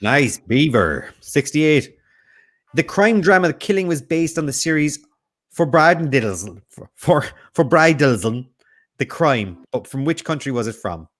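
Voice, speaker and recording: A man's voice: on the high side, expressive, measured pace. A man hosting a casual quiz, reading out questions and answer options and riffing on them with jokes. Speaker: quiz host.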